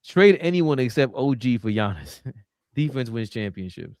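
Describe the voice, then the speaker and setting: A man's voice: mid-range voice, very animated, normal speed, a little mellow, no room sound, clean studio sound. A man hosting a casual sports podcast, brash and swearing, laughing often as he reads viewer messages. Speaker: podcast host.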